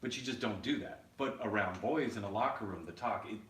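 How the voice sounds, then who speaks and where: A man's voice: fairly low pitch, brisk, fairly bright tone. A man co-hosting a podcast, talking in a casual, blunt, opinionated way and swearing freely. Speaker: podcast co-host. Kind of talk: casual chat. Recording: roomy echo, distant mic, faint noise.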